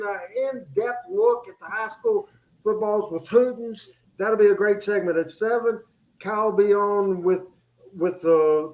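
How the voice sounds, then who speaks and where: A man with a high-pitched voice hosting a radio show from the studio. He talks in energetic, rambling bursts, full of fillers and false starts. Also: low-quality recording. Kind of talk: casual studio chat.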